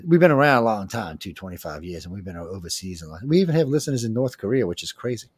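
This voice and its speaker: Man, Cajun Southern accent, talk radio host, folksy, joking, low pitch. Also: big pitch swings, fast, husky, no room sound. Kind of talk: casual talk-radio chat.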